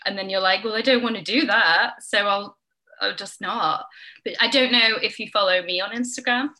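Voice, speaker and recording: A woman hosts and teaches on a video call, chatting casually and peppering her talk with fillers. Her voice is bright and forward. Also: mid-range voice, moderate pace, rough recording. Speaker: host and Instagram teacher.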